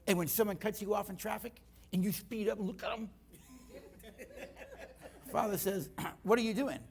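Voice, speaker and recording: Unhurried and gravelly, this high-pitched middle-aged man is a guest speaker at church. He delivers a teaching talk full of animated stories, performing the dialogue himself.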